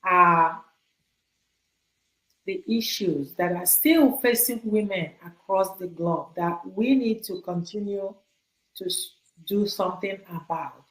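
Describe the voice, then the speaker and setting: A woman hosting an interview, who speaks slowly and echoes her guest's words back to her. Her questions are supportive. The recording has a noticeable room echo. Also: mid-range voice, a bit bright. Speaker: interview host.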